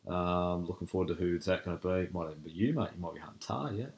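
A man's voice: low-pitched, quick pace, a little mellow. An Australian man hosting a podcast, chatting casually and calling his guest mate. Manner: laid-back, says mate a lot. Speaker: podcast host.

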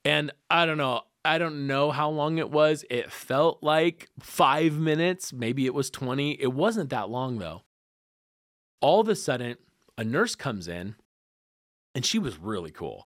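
Animated man telling a story, dry sound. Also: medium pitch, unhurried, dry recording. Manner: animated, acts out quotes, laughs often. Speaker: podcast guest. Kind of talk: conversational storytelling.

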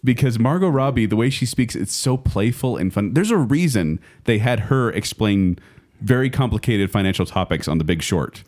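A man's voice: lowish voice, animated, normal speed, a little mellow. A man hosting a podcast, chatting casually and enthusiastically. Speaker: podcast host. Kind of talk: casual chat.

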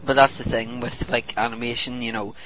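A man's voice: mid-range voice, level tone, a little fast, a bit bright, slight background noise, poor audio. A man, chatting casually as a podcast co-host, rambling and joking. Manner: rambling, jokey, slips into silly put-on voices. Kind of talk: casual chat.

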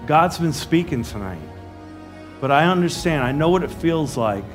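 A man's voice: a little high, expressive, normal speed, faint music behind. A man preaching a sermon in an earnest, pleading and emotional way.

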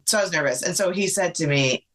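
A woman guest on a podcast telling a personal story in conversation, in an emotional, fast-flowing way with many fillers. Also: lowish voice.

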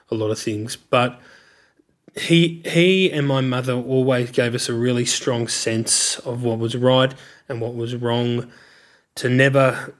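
A middle-aged man with an Australian accent and a medium-pitched voice candidly tells his life story in an interview, reflective and searching for words.

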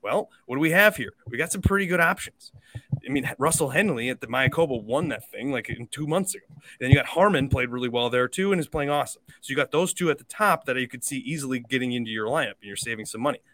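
A man's voice: medium pitch, lively intonation, quick pace, bright, forceful tone. A man hosting a podcast in casual chat, rambling and talking through his thinking with plenty of fillers. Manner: chatty and rambling, lots of fillers. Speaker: podcast host.

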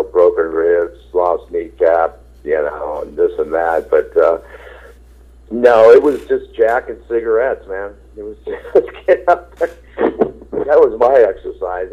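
A man's voice: low-pitched, breathy edge. A middle-aged man, a rock singer, telling rambling, laid-back stories with swearing in an interview, acting out quotes. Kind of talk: casual storytelling interview. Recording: tinny phone line.

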